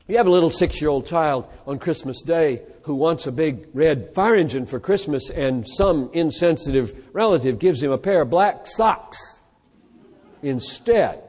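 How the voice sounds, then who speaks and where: Animated man preaching in a reverberant hall. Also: a little high, husky. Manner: emphatic, animated, cites scripture in rapid lists. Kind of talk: sermon.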